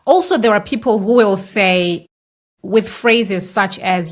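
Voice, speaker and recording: A woman's voice: mid-range voice, slow. A woman hosting an interview, asking questions and giving supportive short replies. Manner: supportive, brief backchannel replies. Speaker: host. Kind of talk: interview conversation.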